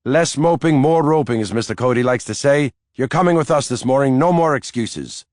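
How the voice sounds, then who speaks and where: A man's voice: medium pitch, moderate pace, no room sound, clean studio sound, voice pushed up, close to an everyday voice. A man narrating an audiobook voices a cheerful young Irish nanny with an Irish accent, teasing and playful. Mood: coaxing.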